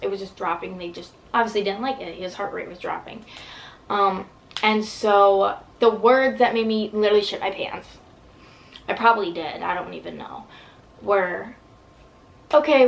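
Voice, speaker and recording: A woman's voice: mid-range voice, poor audio. A young woman vlogger telling a long personal story in casual, rambling talk full of fillers and swearing.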